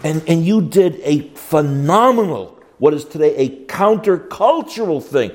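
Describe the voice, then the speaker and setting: Animated older man teaching a class. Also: a little slow. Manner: folksy, emphatic, with animated swoops in pitch and many restarts. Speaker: Bible teacher. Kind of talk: classroom lecture on biblical counseling.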